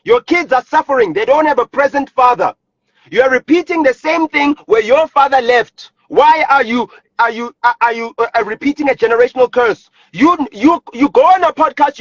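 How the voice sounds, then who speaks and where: Furious high-voiced South African man ranting. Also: fairly bright tone, no room sound, muffled recording. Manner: angry, repetitive, swearing. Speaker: live streamer. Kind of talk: heated rant on a live stream. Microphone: phone.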